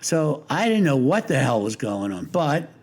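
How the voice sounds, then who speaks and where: Breathy at the edges and somewhat dark, this older man's medium-pitched voice moves through big pitch swings at a normal speed. He's a guest in a casual interview, telling long, amused stories that ramble and often restart mid-sentence.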